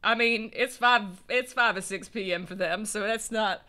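In casual gameplay commentary, a male let's play co-host with a Southern US accent talks at a moderate pace in a high, sharp voice. He's rambling and self-mocking, joking about the game and laughing frequently.

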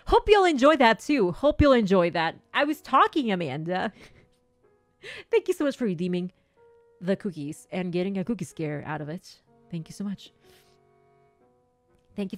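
A woman's voice: medium pitch, no echo. A woman gaming streamer chatting live with viewers, playfully acting as a strict teacher and laughing often. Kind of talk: livestream chat, playing a strict teacher to viewers.

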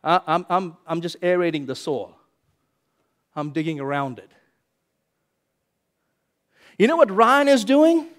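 A male pastor preaches with an animated, high-pitched voice. He swings between loud, pressing bursts and sudden hushed lines, repeating key phrases for emphasis. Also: a little slow, pauses often. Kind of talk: sermon.

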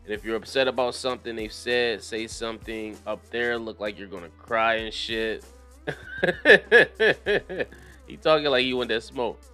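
A young man with a fairly low voice talks through the news in loose, profane commentary. He breaks into laughter often and riffs animatedly between the lines he reads. Faint music plays behind him. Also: fairly quick, few pauses, a bit bright, clear, resonant tone. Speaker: commentary channel host. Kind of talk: casual commentary, reading news aloud.

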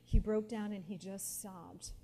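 A woman in her forties recounts personal anecdotes to a live audience, bringing the quoted voices to life. Her voice is warm and mellow. It rings with a long hall echo over faint background hiss. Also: medium pitch, a little slow. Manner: lively anecdotal storyteller, quotes others with feeling. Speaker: guest speaker.

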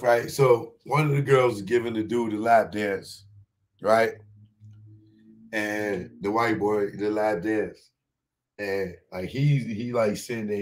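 Animated male stand-up storyteller. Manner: animated storyteller, acts out voices, jumps to high shouts; repeats and restarts words, talks in slang. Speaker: stand-up comedian.

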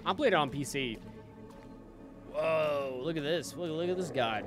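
A man streaming a game live, chatting casually with viewers, excitable and swearing often. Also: fairly high pitch, a little slow, pauses often, over music. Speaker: gaming streamer. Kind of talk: live gameplay commentary.

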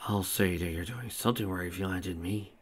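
A dry, wisecracking adult man, tender toward his partner, speaks in a deepish voice, as a man reads him. His remarks come across deadpan and easygoing. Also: moderate pace. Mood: wry.

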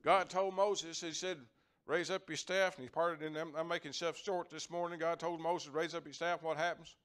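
A man's voice: fairly high pitch, flat delivery, moderate pace, fairly bright tone, smooth. Folksy older man preaching. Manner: folksy, repeats words, chuckles while preaching. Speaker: lay preacher. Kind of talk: folksy sermon.

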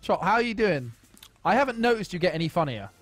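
A man chatting and teasing his friends while playing on a livestream, excitable in the game. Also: sits high, quick pace, no room sound, soft background music. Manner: joking, teasing, excitable during play. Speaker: streamer and gamer. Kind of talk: casual livestream chat.

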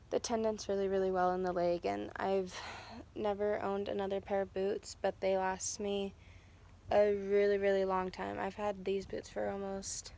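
A woman's voice: mid-range voice, vocal fry, a little mellow, a little hiss or hum. A young woman with a stuffed-up nose, rambling casually through a vlog with lots of fillers and self-corrections. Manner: rambling, filler-heavy, stops to correct herself. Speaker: vlogger.

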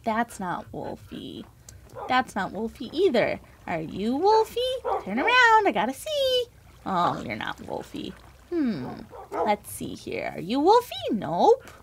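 A woman's voice: on the high side, wildly swooping pitch, takes it slowly, creaky, slight background noise. A woman hosting a kids' game let's-play in a bubbly, exaggerated, sing-song way. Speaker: kids' show host.

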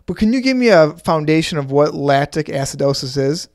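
A man with a somewhat raised pitch chats in an interview. He offers short agreeing replies and asks curious follow-up questions. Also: lively intonation, a little fast, a little mellow.

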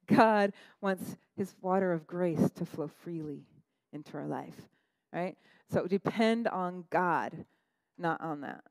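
A woman pastor preaching a sermon, animated, laughing at her own asides and acting out quotes in a higher voice. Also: takes it slowly, no room sound, low-quality recording.

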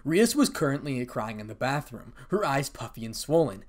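A man's voice: medium pitch, sing-song, moderate pace. A man reading a fan-fiction story aloud as narrator, voicing all characters.

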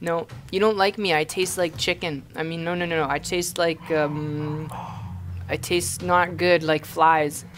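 A man's voice: a little high, steady tone, a little slow, a bit bright, a little hiss or hum. A young man from Canada playing a horror game and commenting in a panicky, swearing way, often repeating himself in frantic bursts. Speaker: gaming YouTuber.

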